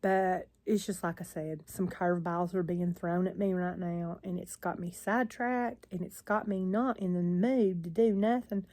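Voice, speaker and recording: A woman's voice: on the low side, fairly even intonation, normal speed, few pauses, dark tone. Older woman, casual vlog chat, rambling, sighing, tired, recorded on a phone. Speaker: vlogger.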